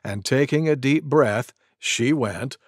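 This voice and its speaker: A man reading a storybook aloud to young children, expressive and gentle. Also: medium pitch, takes it slowly, slightly rough, dry recording, clean studio sound. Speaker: storybook reader.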